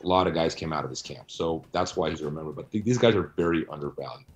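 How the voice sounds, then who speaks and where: Deep-voiced blunt man in an interview. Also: quick pace, highs cut off. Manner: blunt, animated, argumentative. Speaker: guest, researcher and author. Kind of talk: conversational interview answers.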